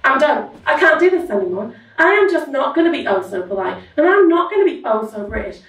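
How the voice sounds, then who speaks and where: A woman delivers a sarcastic stand-up routine with a high voice that leaps all over the place. She sounds roomy and a bit distant from the mic, with audience noise and laughter behind her. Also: big pitch swings, quick pace, fairly bright tone. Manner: sarcastic, exasperated storytelling. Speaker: university staff doing stand-up. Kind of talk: stand-up comedy. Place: live comedy venue stage.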